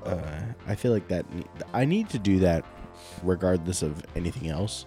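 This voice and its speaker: A man's voice: low-pitched, animated, moderate pace, dark tone, soft background music. A man hosting a car podcast, chatting casually, laughing easily and rambling a bit. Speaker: podcast host. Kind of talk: casual chat.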